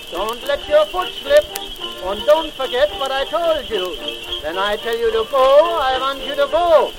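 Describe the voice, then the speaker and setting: Santa Claus, jolly. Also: male voice, very high voice, low-quality recording. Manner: comic dialect, hearty ho-hos, barking orders. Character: jolly old male Santa Claus, bossy with reindeer. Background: music.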